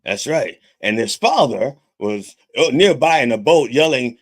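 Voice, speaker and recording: A man hosts a podcast as a mock reverend, cursing freely through a comedic monologue. His pitch rises and falls with animation, and he keeps checking in with the listener by asking okay. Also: expressive, normal speed, hardly any pauses, a bit bright, slightly rough. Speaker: podcast host styled as a reverend.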